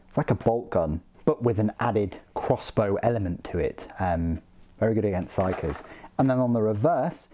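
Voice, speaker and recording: A man's voice: lowish voice, normal speed, dark tone. A man hosting a casual hobby unboxing, talking in a chatty, joking way with frequent ums and uhs. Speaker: hobby channel host.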